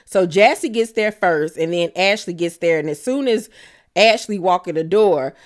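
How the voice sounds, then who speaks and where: A woman's voice: lowish voice, moderate pace. A woman, hosting a casual reality TV recap and gossiping animatedly as she acts out the cast's lines.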